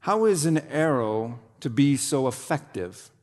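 A man preaching a sermon, with dramatic pauses and sudden drops to a low, quiet voice. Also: lively intonation. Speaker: pastor. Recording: long hall reverb.

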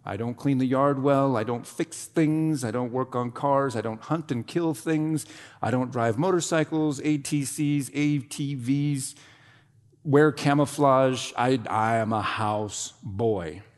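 A man preaching a sermon, with dramatic pauses and sudden drops to a low, quiet voice. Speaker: pastor. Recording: long hall reverb.

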